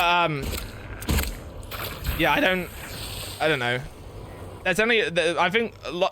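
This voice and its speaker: A man's voice: a little high, pushed and bright, dry recording, studio quality. A man chatting casually on a live game stream, rambling, laughing and swearing freely. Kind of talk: casual live-stream chat while gaming.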